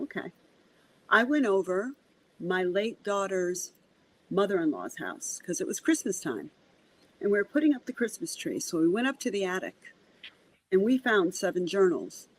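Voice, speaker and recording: Woman, medium, podcast guest, lively storyteller, acts out dialogue, repeats words, mid-range voice. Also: mid-range voice, rough recording. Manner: animated, acts out dialogue in quotes; repeats words when starting sentences. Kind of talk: conversational storytelling.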